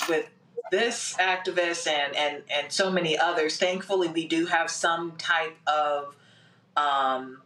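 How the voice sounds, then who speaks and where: A woman with a bright, clear-edged voice speaks on a panel, thinking aloud as she goes. She circles back over her words with fillers and repeats. Her voice rings in a noticeably echoey room. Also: sits low, distant mic. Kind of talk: casual panel discussion. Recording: roomy echo.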